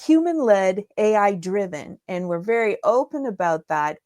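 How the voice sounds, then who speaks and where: A woman's voice: mid-range voice, lively intonation, moderate pace, a little mellow, no room sound, clean studio sound. A woman guest in an interview, explaining her methods in an enthusiastic, step-by-step way. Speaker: guest, digital marketing strategist. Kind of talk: conversational interview answers.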